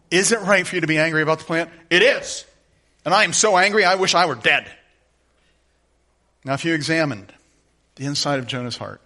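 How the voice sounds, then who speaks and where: Middle-aged male pastor, bright and slightly high, conversational preaching with direct questions. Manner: conversational, animated, asks the listeners direct questions. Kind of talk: sermon.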